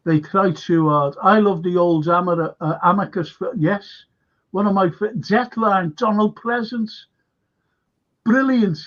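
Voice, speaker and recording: A man hosting a casual film chat stream, excitable and reading out viewer comments. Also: high-pitched, a little slow. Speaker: host. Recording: dull lo-fi stream audio.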